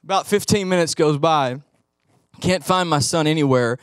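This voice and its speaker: A middle-aged man preaching a sermon as pastor, telling animated stories and acting out the voices in them. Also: fairly high pitch, moderate pace, smooth, no echo, clean studio sound. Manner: animated storytelling, acts out quoted voices.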